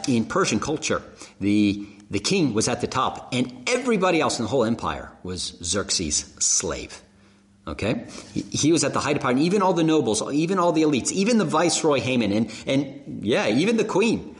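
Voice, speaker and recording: A man preaching a sermon, telling the story with animated emphasis and rhetorical questions. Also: mid-range voice. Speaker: pastor. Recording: echoey hall.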